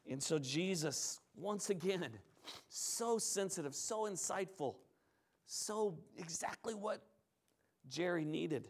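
A male pastor with a fairly high voice preaches a sermon in church. He tells the story in a lively, conversational style that swings from hushed to loud.

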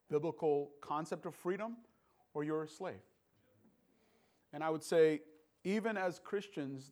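A man preaching a sermon in an earnest, halting way, often repeating words as he restarts. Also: fairly high pitch.

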